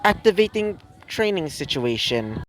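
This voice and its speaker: Man voicing a training-room computer, clipped announcer delivery, slightly raised pitch. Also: big pitch swings, unhurried. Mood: announcing.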